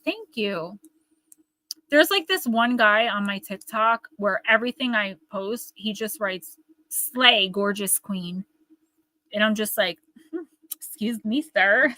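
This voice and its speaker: A woman with a Northern New Jersey accent hosts a live oracle card reading, chatting and rambling to her viewers. Her voice is mid-range with a sharp tone, and there's no echo.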